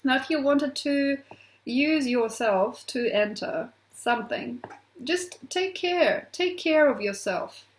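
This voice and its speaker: A woman's voice: high voice, slow pace. A woman astrologer talking to camera in a playful, affectionate, teasing way, laughing often. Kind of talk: casual astrology vlog to camera. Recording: echoey room.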